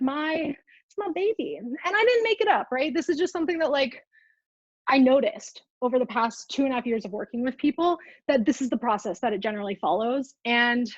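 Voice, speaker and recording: A young woman with a fairly high voice talks casually on a live stream, peppering her speech with fillers and reacting to comments. The sound is dry and a little dull, as if through earbuds. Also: dry recording. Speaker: food freedom coach. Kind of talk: live-streamed coaching talk.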